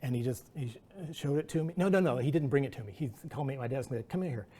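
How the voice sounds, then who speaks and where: A man's voice: medium pitch, expressive, rapid-fire, dark tone, slightly rough. A middle-aged man, a guest artist, telling rambling anecdotes at an artist talk, acting out quotes. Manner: rambling anecdotal delivery with restarts and acted-out quotes.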